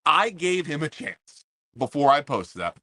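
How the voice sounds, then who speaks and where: A fired-up man rants straight at his viewers, repeating himself as he builds his point. His voice is bright and forceful, at a middle pitch. The sound is dry and close, from outdoors under an umbrella in pouring rain. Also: sing-song, a little slow, no echo. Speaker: podcast host. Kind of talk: casual livestream rant.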